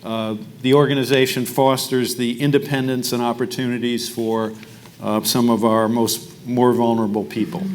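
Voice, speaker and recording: Man as mayor at a podium, halting and self-deprecating, mid-range voice, faint room noise. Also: mid-range voice, little pitch movement. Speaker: mayor giving remarks. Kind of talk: speech at a breakfast event.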